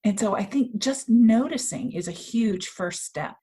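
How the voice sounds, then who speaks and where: A middle-aged woman speaks in an earnest, reflective way, as if she is sharing a lesson from her own life. Her voice sits at a middle pitch, and she talks in an easy conversational tone over a call. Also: animated, measured pace, mellow, slightly rough. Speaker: author and women's coach, guest. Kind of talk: casual interview conversation. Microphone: remote call.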